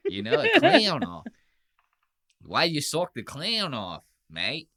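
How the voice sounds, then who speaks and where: A man's voice: a little high, huge pitch swings, slow, bright, forceful tone, pitched above the performer's own voice, exaggerated voice. Mock Aussie heckler, crude and drawling, a man putting on the voice. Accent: Australian, mock. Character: Australian man mocking a comic, crude drawl.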